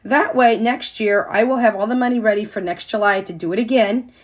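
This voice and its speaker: An older woman speaking in a mid-range voice, chatting to her viewers about her monthly budget. She talks in a loose, friendly way, keeps calling them "y'all", and gets excited as she retells things. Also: mid-range voice, brisk. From Missouri. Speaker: budgeting vlogger. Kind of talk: casual chat to viewers.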